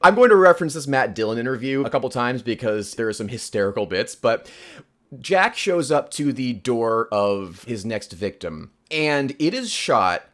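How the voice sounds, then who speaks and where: A man's voice: mid-range voice, very animated, normal speed, a bit bright. Chatty wry man in casual podcast talk. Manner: chatty, wry, full of "like" fillers. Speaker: podcast co-host. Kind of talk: casual film discussion.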